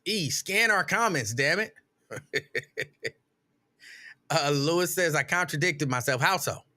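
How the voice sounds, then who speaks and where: A man's voice: on the high side, takes it slowly. A middle-aged man hosting a casual live stream, telling stories with mock outrage and reading viewer comments aloud. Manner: animated, exasperated storytelling with mock outrage.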